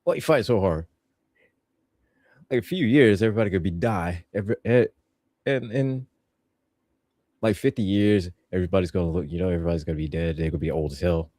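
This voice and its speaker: A man's voice: deep voice, fast talker, long pauses, a little mellow, no echo, clean studio sound. A man voicing a blunt alien father lecturing his son.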